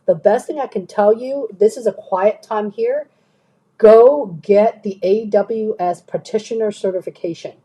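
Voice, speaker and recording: Chatty woman career coach, mellow husky voice. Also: mid-range voice, rough recording. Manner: chatty, keeps checking in with "okay?". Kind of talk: live-stream chat answering viewers.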